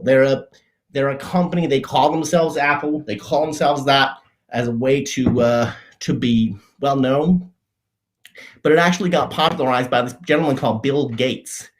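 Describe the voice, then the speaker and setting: A man hosting a comedy show, explaining obvious everyday things in a mock-earnest, deadpan way, often stopping and restarting his sentences. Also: medium pitch. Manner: halting, frequent restarts and self-corrections. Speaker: show host.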